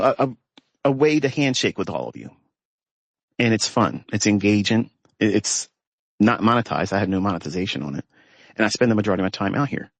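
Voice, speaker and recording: A man's voice: lowish voice, dry recording. A man teaching trading, talking unscripted from inside a parked pickup truck in an emphatic, scornful way, stretching out the words he stresses. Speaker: trading educator. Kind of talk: unscripted ranting monologue.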